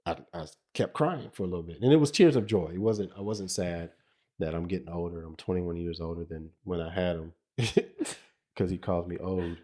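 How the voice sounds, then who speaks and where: A man's voice: low voice, moderate pace, mellow. A middle-aged man co-hosting a podcast, talking casually and reflectively, with frequent restarts and laughter. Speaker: podcast co-host.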